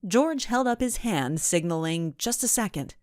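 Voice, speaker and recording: A woman narrating a children's mystery audiobook in an expressive storytelling manner. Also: medium pitch, normal speed, no echo, clean studio sound.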